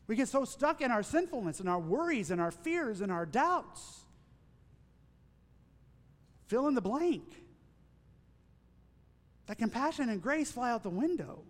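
A man preaching a sermon as pastor, earnest, building into emphatic lists and dropping to hushed asides. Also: very high-pitched, big pitch swings, a little slow, long pauses. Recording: long church reverb.

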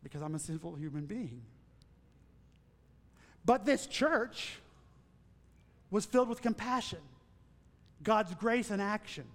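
Man, pastor, sermon, very high voice, earnest, emphatic lists, hushed asides, long reverberant church. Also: expressive, slow pace, long pauses.

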